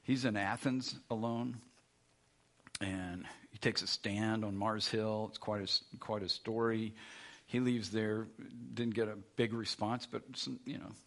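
A man's voice: fairly low pitch, fairly even intonation, measured pace, fairly bright tone. A man preaching a sermon in a conversational way, often restarting his sentences and adding asides. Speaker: pastor.

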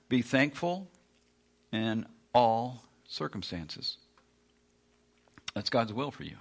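Man, pastor, sermon, bright forceful tone, emphatic, repeats lines for effect. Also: mid-range voice, animated, slow. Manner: emphatic, repeats lines, acts out complaining listeners.

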